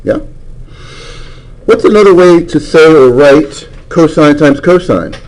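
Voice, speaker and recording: A man's voice: fairly high pitch, lively intonation, unhurried, a little mellow, rough recording. A man teaching a math class, lecturing and coaxing answers from students with frequent questions.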